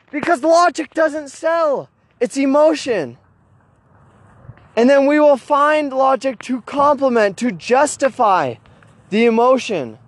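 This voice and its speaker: A man telling a story in a casual monologue, animated, with frequent restarts and repeated words, recorded outdoors. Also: very high-pitched, slow, no echo.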